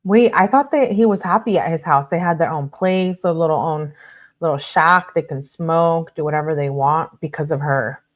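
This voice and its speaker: Lowish-voiced woman reading out texts on stream, stops to chat with viewers in between. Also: normal speed. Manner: reads messages flatly, breaks off to chat with viewers. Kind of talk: casual live-stream commentary and reading aloud.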